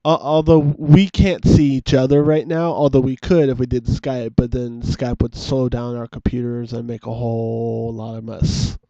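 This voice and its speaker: A man's voice: mid-range voice, level tone, normal speed, hardly any pauses, dark tone, no echo, highs cut off. A man co-hosting a casual webcam chat show, joking and mocking himself, recorded on a cheap desk microphone. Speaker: co-host and editor.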